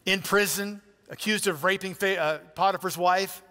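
A man's voice: high voice, fairly even intonation, moderate pace, pushed and bright, big-room sound. A man pastor preaching a sermon in a church, in a conversational, emphatic way with direct appeals to listeners. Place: church sanctuary.

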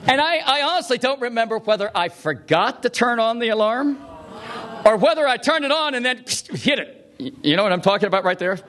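Middle-aged male preacher, high voice, swoops a lot, lively storyteller. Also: brisk. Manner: animated anecdotes with acted quotes. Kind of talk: storytelling sermon.

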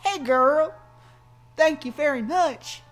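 A woman doing a perky, high cafe regular. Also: slow pace, soft background music. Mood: breezy. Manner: breezy, flirty greetings. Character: chirpy friendly male cafe customer.

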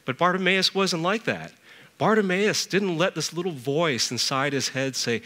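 A middle-aged man, a church elder, preaching a sermon and telling stories, with lively rises in pitch when he stresses a point. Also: moderate pace, big-room sound.

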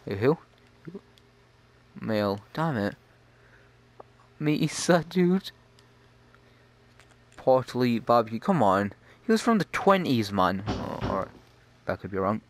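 A man's voice: medium pitch, big pitch swings, takes it slowly, pauses often. A man casually commenting while playing a horror game, chatty and jokey. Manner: chatty, jokey, easily startled. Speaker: gamer.

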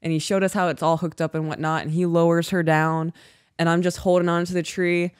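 A woman co-hosting a podcast, telling a story in casual chat, animated, swearing and laughing often. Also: fairly low pitch, fairly quick, clear, resonant tone, no room sound, studio quality. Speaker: podcast co-host.

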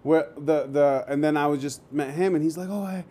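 A male actor telling a casual story on a video call, animated and loose, swearing freely and acting out what he said. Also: a little high, fairly quick. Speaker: actor, guest.

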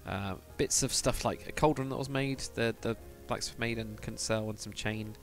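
On a casual live stream, a man thinks aloud and mutters to himself as he builds, pausing now and then to read viewer chat and reply. His voice is on the low side, steady and a bit creaky with vocal fry, at normal speed, and faint music plays behind him.

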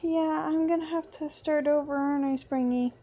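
A woman's voice: sits high, fairly even intonation, moderate pace, dark tone. A woman giving playful horror game commentary as a gaming channel host, talking to the game character.

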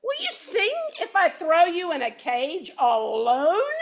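Brief: woman playing a gruff, exasperated storybook mayor, pitch swinging widely. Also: expressive, takes it slowly, fairly bright tone, heavily acted. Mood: grumpy. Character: grumpy, threatening male village mayor. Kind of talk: storybook read-aloud.

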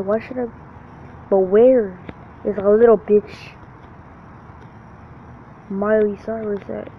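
A man's voice: sits high, fairly even intonation, slow pace, pauses often. Dude trash talking thru his game, swears nonstop, kinda muffled cheap mic sound. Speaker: gamer. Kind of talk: profane let's-play commentary. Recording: dull lo-fi recording with faint hiss.

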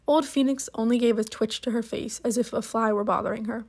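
A woman reads a short story aloud, measured and unhurried. Her voice sits a little higher than most. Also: fairly even intonation, vocal fry, slightly rough. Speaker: narrator.

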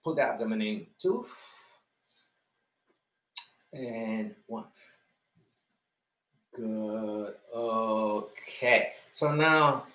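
A man's voice: lowish voice, very slow, long pauses, sharp tone, roomy sound. A man leading a live online exercise class, counting repetitions, cueing breathing and encouraging students by name. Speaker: fitness instructor.

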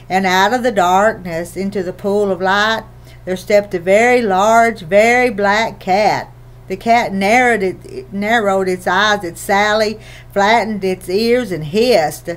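A woman narrating a children's novel in a gentle, even storytelling manner. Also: mid-range voice, takes it slowly. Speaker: audiobook reader.

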